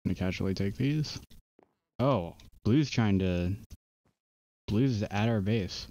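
Young male gamer, low and muffled. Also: slow pace, dark tone. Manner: laughs often, easily rattled. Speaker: streamer. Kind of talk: casual gaming chat.

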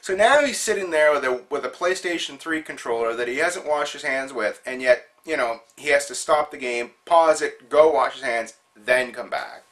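A man's voice: mid-range voice, normal speed, hardly any pauses, a bit bright. A man hosting his own show, telling a funny story in a chatty, amused way. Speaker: show host. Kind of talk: casual storytelling monologue.

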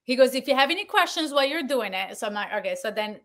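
Animated woman telling a studio story. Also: a little high, fast talker. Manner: animated, acts out quoted dialogue, laughs often. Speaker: podcast guest, Foley artist. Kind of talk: casual storytelling.

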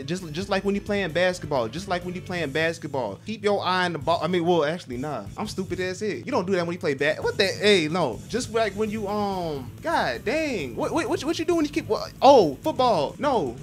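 A young man streaming a game, rambling and swearing as he plays, with loud, animated reactions. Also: high-pitched. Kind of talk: excitable gameplay commentary.

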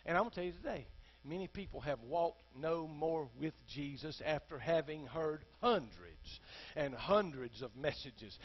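Man preaching, high voice, passionate and dynamic delivery, muffled lo-fi recording with a low hum. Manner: impassioned preaching, swings from hushed to shouting. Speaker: pastor. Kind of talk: sermon.

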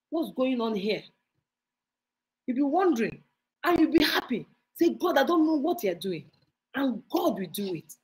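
Fervent high-voiced woman pastor praying. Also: a bit bright, low-quality recording. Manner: fervent, repetitive prayer declarations. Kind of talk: sermon and prayer.

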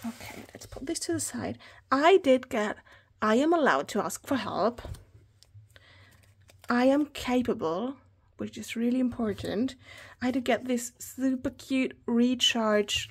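A high-voiced woman gushes her way through a stationery haul, often slipping into a soft whisper. Her voice is husky and breathy, with packaging crinkling around her words. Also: expressive, unhurried. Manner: gushing, often drops to a whisper. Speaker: planner vlogger. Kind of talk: casual haul unboxing.

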